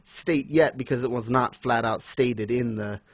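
A man casually chatting as co-host, animated and quick to laugh, acting out lines he retells. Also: medium pitch, no room sound. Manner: animated, laughs often, acts out quotes. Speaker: podcast co-host. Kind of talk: casual fan discussion.

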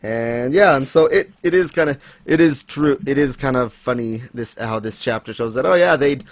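Man, podcast host, rambling casual talk, dry close sound, middle pitch. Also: moderate pace, no echo. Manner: rambling, with fillers and laughs. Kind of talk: casual manga discussion.

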